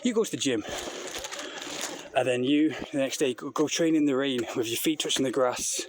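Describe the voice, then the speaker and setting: A man with a medium-pitched voice vlogs on a phone held in his hand while hiking an outdoor trail, speaking at a moderate pace. Walking uphill, he rambles bluntly and sounds out of breath, and the outdoor phone recording is noisy.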